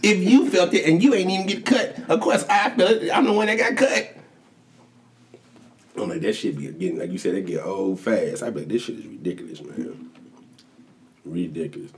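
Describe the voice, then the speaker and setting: A man co-hosting a casual sports chat, telling stories animatedly, jumping into high voices to act out quotes and laughing often. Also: moderate pace, a little hiss or hum. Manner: animated storytelling, acts out quotes with big pitch jumps, swears a lot. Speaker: podcast co-host.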